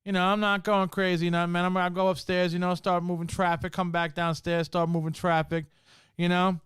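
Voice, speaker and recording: Dude on his podcast telling ghost stuff from work, lots of bro and swearing, smooth kinda high voice, dry sound. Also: flat delivery, a little fast, fairly bright tone, no room sound. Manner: slangy, swears a lot, says "bro" and "man" often. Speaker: podcast host. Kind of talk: casual storytelling.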